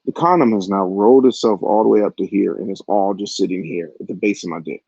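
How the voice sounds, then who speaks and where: A man's voice: fairly low pitch, fast, gravelly, darkish tone, no echo. A man in his forties telling a raunchy personal story in a crude, rambling way, with frequent asides to the listener. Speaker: vlogger. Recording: dull, lo-fi, dry audio.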